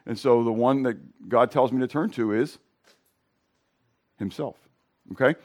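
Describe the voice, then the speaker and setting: A middle-aged male pastor with a hoarse voice, preaching in a casual, conversational way and questioning his congregation. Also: mid-range voice, a little slow. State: hoarse from sinus drainage. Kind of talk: sermon.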